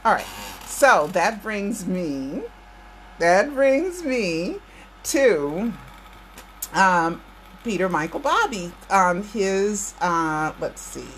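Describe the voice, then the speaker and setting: American woman host, emphatic and repetitive, talks straight at viewers, mid-pitched, slight room hiss. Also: very animated, extremely slow. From United States. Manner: emphatic, repeats phrases, addresses viewers directly. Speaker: channel host. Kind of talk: impassioned political rant to viewers.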